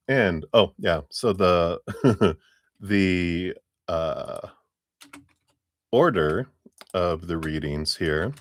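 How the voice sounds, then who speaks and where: A man's voice: deep voice, a bit bright, dry recording, studio quality. A man hosting a live tarot reading stream, greeting viewers by name in a friendly, casual way and chuckling often.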